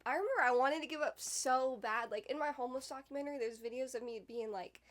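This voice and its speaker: A woman's voice: on the high side, fast. A young woman hosting a podcast, telling a candid personal story in a rambling, emotional way with lots of "like". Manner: rambling, emotional, heavy use of "like". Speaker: podcast host.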